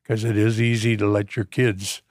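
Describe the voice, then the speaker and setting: A man's voice: on the low side, flat delivery, a little mellow, no echo, studio quality. An older man, a guest on his daughter's podcast, talking in an earnest, folksy way. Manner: earnest, folksy, talks in quick bursts. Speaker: podcast guest, the host's father. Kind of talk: casual chat.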